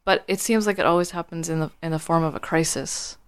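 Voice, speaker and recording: A woman guest from the Bay Area who speaks earnestly and urges listeners to act. Her voice is very smooth and resonant, a little low. The sound is close and dry. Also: steady tone, fast, no room sound. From San Francisco Bay Area. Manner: earnest, urging. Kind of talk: interview answer.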